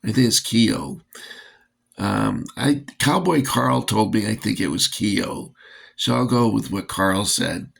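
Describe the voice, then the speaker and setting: A man's voice: on the low side, slow pace, creaky. A man casually reviewing vintage toy soldiers, rambling with lots of fillers and dry jokes, a bit winded.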